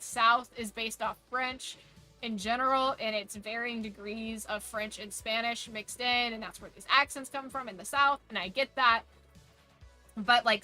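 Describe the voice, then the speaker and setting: A woman streamer riffs opinionatedly over a game, her voice bright and a touch high. She rants and swears freely in loose, casual chat, with faint music playing behind her. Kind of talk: casual chat while gaming.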